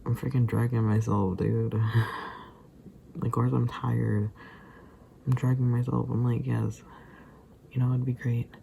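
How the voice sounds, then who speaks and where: A man's voice: medium pitch, flat delivery, a little slow, vocal fry, long pauses, warm tone, a little hiss or hum. A tired, sleepy man rambling casually to the camera, sometimes drifting into muttered whispers. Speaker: vlogger.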